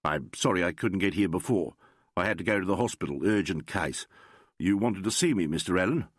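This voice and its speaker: A man's voice: deep voice, lively intonation, fairly quick, breathy edge, dry recording, studio quality. A man voicing a proud, formal male doctor who speaks in stiff, precise sentences.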